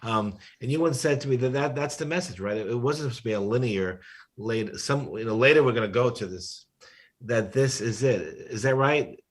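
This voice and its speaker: A man's voice: medium pitch, normal speed, breathy edge. A man hosting a podcast conversation, thinking aloud and stopping often to restart his sentences.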